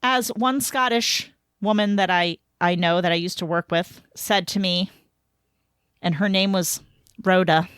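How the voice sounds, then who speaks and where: A woman's voice: lowish voice, steady tone, fairly bright tone, clear, resonant tone, no echo, studio quality. Chatty middle-aged woman co-host. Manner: chatty, reacts with quick asides. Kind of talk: casual podcast chat.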